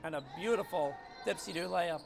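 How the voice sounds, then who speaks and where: A man with a raspy voice calling a live college basketball game from an arena skybox, getting excited and shouting on big plays. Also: high voice, a little fast. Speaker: play-by-play commentator. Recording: noisy arena broadcast feed. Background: arena ambience, ball bouncing.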